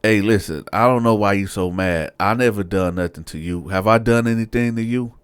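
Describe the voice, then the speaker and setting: An indignant male cellmate, as a storyteller acts him out, defensive and questioning. He speaks a little higher than the teller's own voice, pleading and pushing back. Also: a little fast, clear, resonant tone, no room sound, lightly acted.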